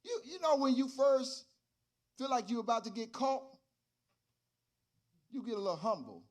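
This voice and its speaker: A man preaching as a pastor, telling a story in his sermon and building up to loud shouted calls. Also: very high voice, normal speed. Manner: animated, rising to shouts.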